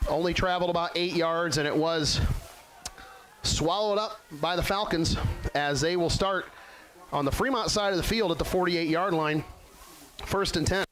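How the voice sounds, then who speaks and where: A man in his forties calling a local football game as the play-by-play announcer, with folksy, excitable hype. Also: on the high side, normal speed, long pauses, faint music behind, rough recording. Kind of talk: local sports webcast commentary.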